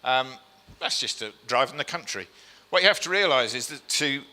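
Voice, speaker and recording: In an animated, medium-pitched voice that's pushed and bright, a man gives a moderately paced slide talk to a live audience in an event hall. He's chatty and self-deprecating, saying um frequently and questioning the crowd, with a long hall reverb throughout.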